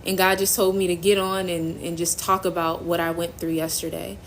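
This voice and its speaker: A young woman hosting a faith-based phone live stream, giving an emotional personal testimony in a halting, earnest way, near tears. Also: on the low side, flat delivery, slight background noise, poor audio. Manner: halting, earnest, trailing off and restarting.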